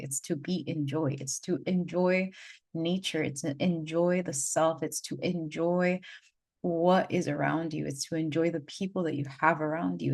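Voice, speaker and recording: Low-voiced woman telling a rambling story. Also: a little mellow. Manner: rambling, heavy on "like", repeats phrases for emphasis; earnest, gushing. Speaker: spiritual guide and energy healer. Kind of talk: unscripted personal storytelling.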